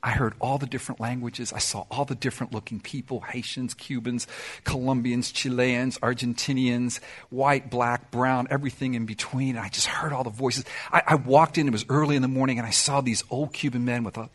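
A middle-aged man preaching a sermon in a church, emphatic, swinging between loud declarations and soft, confiding asides. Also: mid-range voice, steady tone, fairly quick, slightly rough. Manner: sings song lyrics in snatches. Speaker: pastor.

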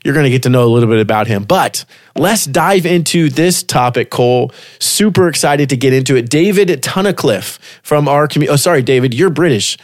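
A man's voice: mid-range voice, lively intonation, fairly quick, dry recording, clean studio sound. A man hosting a Christian podcast, reading an essay aloud and then chatting loosely with a guest, stumbling and restarting often. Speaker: podcast host. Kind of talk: casual faith podcast chat.

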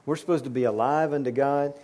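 A man's voice: mid-range voice, steady tone, fast talker, a little mellow. A man preaching a sermon to his church, earnest and repeating words as he builds his points. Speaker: pastor.

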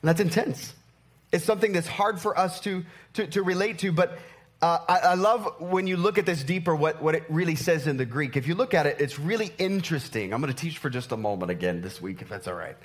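A man's voice: a little high, brisk. A man preaching a sermon, teaching through everyday examples and often checking in with the congregation. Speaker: pastor.

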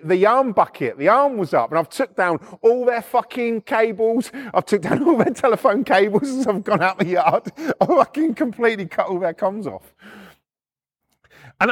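Animated swearing man telling stories. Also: extremely high pitch, husky. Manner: animated, swears constantly, acts out voices. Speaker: podcast storyteller. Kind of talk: casual anecdotal storytelling.

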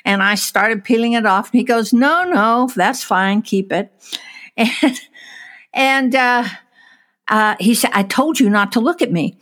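A woman telling a story in a casual chat, animated, acting out what people said and laughing as she tells it. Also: a little high, unhurried. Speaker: storyteller guest.

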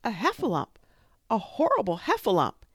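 Piglet, a woman putting on a squeaky frightened piglet. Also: huge pitch swings, moderate pace, no echo, studio quality. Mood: panicked. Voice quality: squeaky, breathless. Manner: stammering, frantic cries. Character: small timid panicky male piglet.

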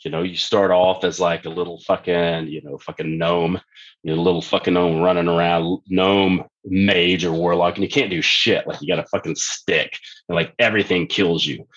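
A man's voice: low-pitched, steady tone, normal speed, fairly bright tone, lo-fi sound. A man talking as a guest coach on a podcast, blunt and emphatic, swearing freely. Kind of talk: casual podcast chat.

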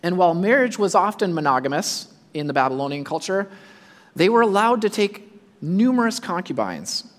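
A male preacher giving a sermon, speaking in a high voice with a lot of movement in his pitch. He acts out the imagined voices of the people he talks about. His voice rings out with a long reverb, as in a large hall. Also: big pitch swings, moderate pace. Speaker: pastor.

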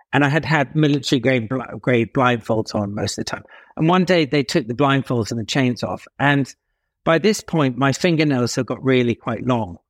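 A man from England telling a story as an interview guest, animated, with dramatic pauses and emphatic swings in pitch. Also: dry recording, studio quality.

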